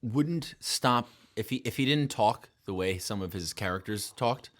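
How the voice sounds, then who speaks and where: A man's voice: fairly low pitch, expressive, a little slow. A man as a podcast guest, laid-back and bantering, swearing casually. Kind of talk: casual chat.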